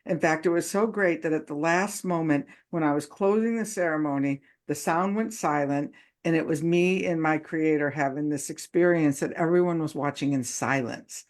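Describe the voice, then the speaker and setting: A woman's voice: sits low, moderate pace, a little mellow. Chatty woman hosting a live chat. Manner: chatty, laughs often, many fillers. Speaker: host. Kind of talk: casual live-stream chat.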